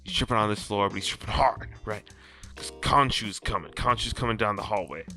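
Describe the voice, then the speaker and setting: Brief: man, podcast host, bright forceful voice, lively slangy retelling, faint music underneath. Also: fairly low pitch, brisk. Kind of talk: casual episode recap.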